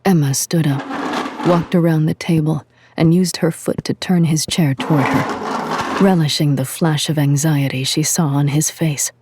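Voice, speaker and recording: A woman reading an audio drama as narrator in a measured, even storytelling manner. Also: deep voice, noisy background.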